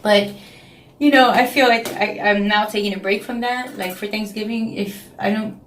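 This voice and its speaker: A woman's voice: mid-range voice, steady tone, moderate pace, a bit bright, reverberant, a little hiss or hum. A woman in her late thirties with a New York accent, talking frankly and emotionally in a casual confessional vlog, often repeating her phrases. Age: 30s. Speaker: vlogger. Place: home, indoors.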